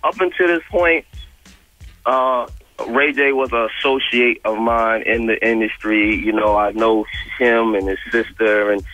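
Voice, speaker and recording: A man in his thirties with a New York accent, calling in to a radio show and telling a story in an animated, slangy way. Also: medium pitch, a little slow, faint music behind. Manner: animated, retells quotes in a slangy street style. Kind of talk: casual storytelling on a call-in. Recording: muffled radio phone-in audio.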